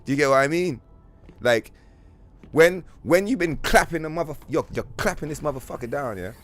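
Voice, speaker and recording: A man's voice: on the high side, a little fast. A man hosting a game livestream, telling rants and stories in heavy profanity, with a lot of animation in his voice. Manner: profane, ranting, animated storyteller. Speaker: streamer host. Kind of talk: casual game stream chat.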